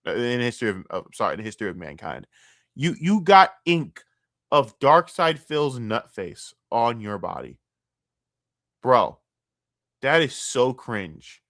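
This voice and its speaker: Hombre burlón con voz muy expresiva. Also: male voice, fairly low pitch, very animated, moderate pace, gravelly, no echo, clean studio sound. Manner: crude, mocking, heated, swings between loud and muttered. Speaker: streamer reacting to online drama. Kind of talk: profane live-stream rant.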